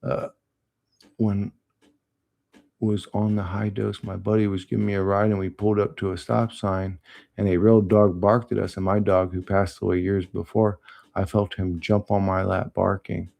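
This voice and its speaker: A man's voice: low-pitched, level tone, moderate pace, gravelly, a little mellow. A man on a livestream, reading chat comments and answering them in blunt, profane, rambling talk.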